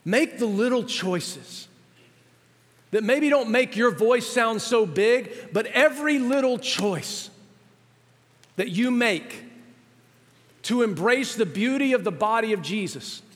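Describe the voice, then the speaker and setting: High-voiced preacher in a reverberant church. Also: male voice, expressive, slow pace, pauses often. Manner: preaching with rising intensity, addresses ladies and gentlemen. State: out of breath. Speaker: pastor. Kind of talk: sermon. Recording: long hall reverb.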